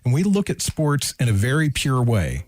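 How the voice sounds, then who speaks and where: A man's voice: mid-range voice, sing-song, normal speed, darkish tone. A man co-hosting a sports radio show, talking casually and rambling as he thinks aloud. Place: radio studio.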